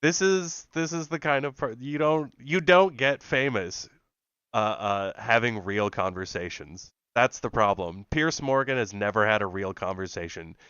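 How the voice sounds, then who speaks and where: A man co-hosting a podcast talks in a lively, sarcastic, profane way and laughs often. His low voice is bright and smooth. The sound is dry and a little dull. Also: moderate pace, no echo. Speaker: podcast co-host. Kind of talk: casual reaction chat.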